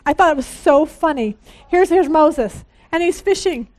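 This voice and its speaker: A woman leading a women's Bible study, reading scripture aloud and chatting about it in a casual, lively way. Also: high voice, normal speed. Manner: chatty and animated, laughing, reading verses aloud.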